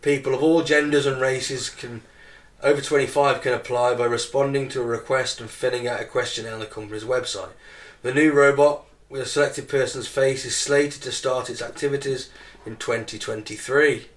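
A man's voice: medium pitch, fairly even intonation, normal speed. A man in his forties co-hosting a podcast, reading news stories in a dry way between bits of banter. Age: 40s. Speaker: podcast co-host. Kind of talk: casual chat, reading news items.

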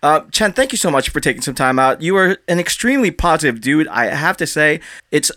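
A man hosting a podcast interview, upbeat and quick to laugh. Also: on the high side, lively intonation, pushed and bright, no room sound, clean studio sound. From Filipino background. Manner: upbeat, friendly, laughs easily. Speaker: podcast host. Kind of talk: casual interview.

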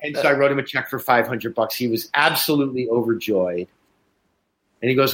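A man hosts a casual chat in Chicago, USA, spinning anecdotes animatedly and imitating the voices of others in them. His mid-range voice is brisk, with slight background noise in the clip.

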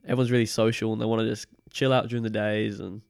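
A young man chats in a loose, rambling way, his accent caught between British and Australian. His voice sits a little low with a gravelly edge. The recording is dry and close. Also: fast talker, no room sound. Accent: mix of British and Australian. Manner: relaxed, rambling, many fillers. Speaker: podcast guest. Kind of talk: casual chat.

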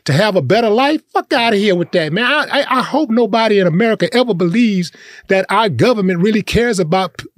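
A man with a notably high speaking voice rants in a blunt, profane, heated manner, hammering his points by repeating them. The sound is dry and close, with no room around it. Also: animated, fast, no echo. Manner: blunt, profane, emphatic ranting with repetition. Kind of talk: heated casual chat.

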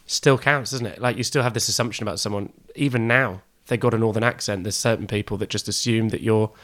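A man's voice: lowish voice, fairly even intonation, fast, fairly bright tone. A man from Devon, co-hosting a podcast with dry, wry remarks and short read segments. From Devon, England. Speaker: podcast co-host. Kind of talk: casual chat with read segments.

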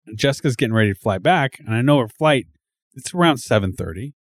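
A man co-hosting a podcast, chatting casually and telling stories with relaxed, teasing asides. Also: mid-range voice, quick pace, no echo, studio quality. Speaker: podcast co-host. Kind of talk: casual chat, storytelling.

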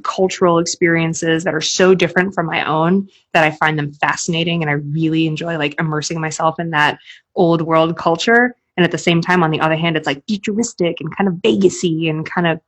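A woman's voice: deep voice, fairly even intonation, brisk. A woman chatting as a podcast guest, speaking casually and saying "like" a lot. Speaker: podcast guest, interviewer of athletes.

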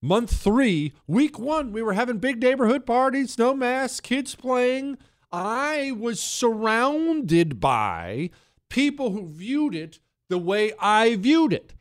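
A man's voice: very high voice, very animated, slow pace, dry recording, studio quality. A man hosting a talk radio show, delivering an emphatic monologue full of rhetorical questions. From Texas.

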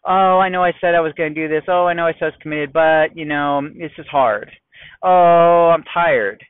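A man's voice: on the high side, moderate pace, clean tone, dry recording, natural voice. A man voicing a flaky adult student who keeps making whiny, hesitant excuses, heard over a tinny line. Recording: tinny phone-like dry sound.

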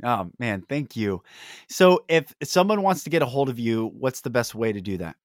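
A man's voice: mid-range voice, animated, normal speed, no room sound, clean studio sound. Earnest man hosting a motivational podcast. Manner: earnest, encouraging, speaks in repeated affirmations. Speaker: podcast host. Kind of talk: heartfelt motivational conversation.

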